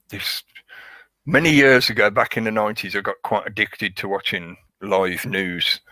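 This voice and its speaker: A man's voice: on the low side, bright, forceful tone, dry recording. A man hosting a live stream, rambling casually and sarcastically, laughing often.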